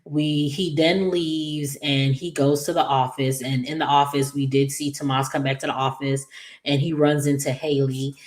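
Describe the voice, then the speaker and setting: A woman recapping a daytime soap episode in a chatty, animated way, acting out the characters' lines with playful asides and laughter. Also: rumbling low. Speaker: soap opera recap host. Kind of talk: casual recap vlog.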